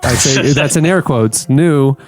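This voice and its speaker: A man's voice: on the high side, lively intonation, normal speed, darkish tone. A man hosting a podcast, upbeat and giggly as he introduces segments. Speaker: podcast host. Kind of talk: casual chat.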